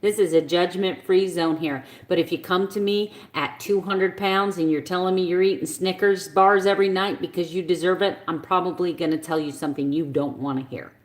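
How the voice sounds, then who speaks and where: Woman, passionate, blunt, live-stream rant, lowish voice, echoey room. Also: steady tone, fairly quick, hardly any pauses. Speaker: keto vlogger on a live stream.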